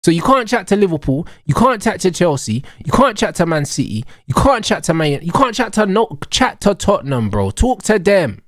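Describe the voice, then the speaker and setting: A man's voice: high-pitched, very animated, brisk, hardly any pauses, no room sound, clean studio sound. Heated young man ranting. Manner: heated, mocking, profane, slang-heavy. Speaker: streamer. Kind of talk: ranting watch-along commentary.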